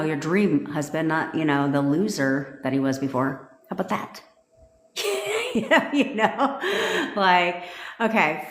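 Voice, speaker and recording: A woman manifestation coach talking casually and bluntly on a live stream, swearing freely for emphasis. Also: on the low side. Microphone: phone. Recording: echoey room.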